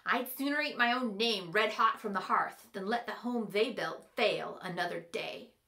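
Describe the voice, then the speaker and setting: A woman's voice: medium pitch, normal speed, bright, forceful tone. A woman reading aloud, voicing a defiant, stubborn teenage girl who talks bluntly and teases. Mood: teasing. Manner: blunt, teasing.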